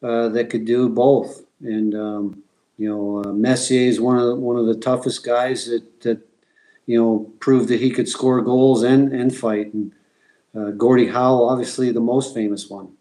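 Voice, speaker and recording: A middle-aged man, a former pro hockey player, telling relaxed stories in an interview with many fillers and restarts. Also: mid-range voice, unhurried, rough recording.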